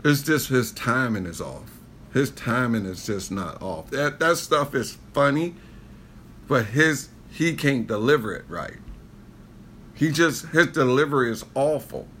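A man's voice: medium pitch, unhurried, slight background noise. A man hosting a reaction video, chatting casually and bluntly critiquing a comedy clip. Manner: blunt, animated critiquing banter.

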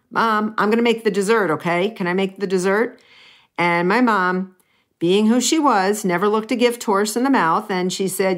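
Middle-aged woman chef, fairly low voice, playful storyteller who talks to the viewer. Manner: playful, chatty, asides to the listener. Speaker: pastry chef. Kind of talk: humorous personal storytelling.

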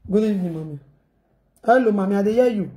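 A woman's voice: mid-range voice, quick pace, mellow. A woman with a Nigerian accent talking casually to her viewers in a rambling, repetitive way, mixing in pidgin phrases.

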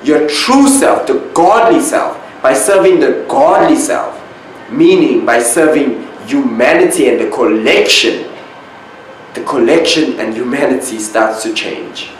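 Male spiritual host, unhurried monologue, emphatic repeats, boomy room with faint background hiss. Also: expressive, heavy reverb, rough recording. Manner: slow, drawn-out, repeats key words for emphasis.

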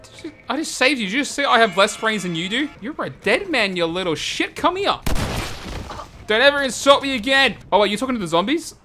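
A man giving crude, comedic commentary over a video game, often shouting and laughing. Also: very high-pitched, sing-song, brisk, faint music behind. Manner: loud, crude, shouts often and laughs at his own jokes. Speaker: gaming channel host. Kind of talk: profane comedic gameplay commentary.

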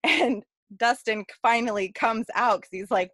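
A woman's voice: on the high side, a little slow, fairly bright tone, dry recording. A woman telling a personal story in a casual, chatty way, with many fillers and frequent laughter. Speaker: workshop participant.

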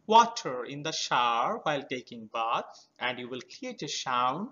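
A man teaching a children's poem, explaining words slowly and spelling them out letter by letter. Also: medium pitch, big pitch swings, bright, forceful tone. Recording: slightly dull lo-fi recording.

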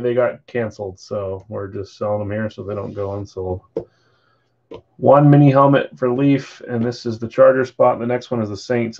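Yawning and tired, a man hosts a live card break stream, chatting casually while calling out bids and sales. His voice is mid-range with a darkish tone, and the lo-fi stream audio sounds slightly dull.

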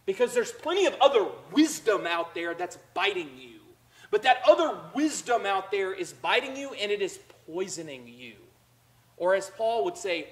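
A man's voice: high voice, expressive, moderate pace, poor audio. A man preaching a conversational sermon as pastor, acting out the voices of the people he describes. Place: church sanctuary.

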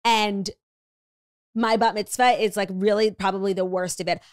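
A young woman from Long Island with a faint Long Island accent and some vocal fry, chatting as a podcast guest and poking fun at herself. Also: mid-range voice, steady tone, normal speed, no echo, studio quality. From Long Island, New York. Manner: chatty, self-deprecating. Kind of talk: casual chat.

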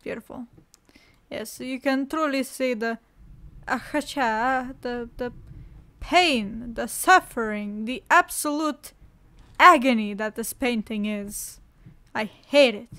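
A young woman with a high voice narrates her run through a horror game. She is jokey and sarcastic, cursing freely as she plays. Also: slow, bright, forceful tone. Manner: swears a lot, jokey and sarcastic. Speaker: let's play gamer. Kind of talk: horror gameplay commentary.

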